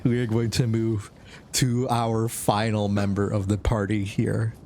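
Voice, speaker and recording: A man's voice: lowish voice, level tone, a little slow, a little mellow, a little hiss or hum. A man narrating a tabletop game as game master, casual and rambling with many fillers.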